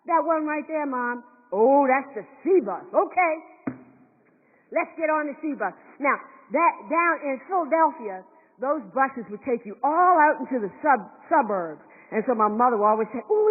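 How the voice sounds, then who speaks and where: Woman doing an earnest middle-aged principal lady, really high voice, echoey hall, kinda tinny. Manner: emphatic storytelling, acting out quoted voices. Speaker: stage performer. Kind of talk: verbatim theatre monologue. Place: concert hall stage.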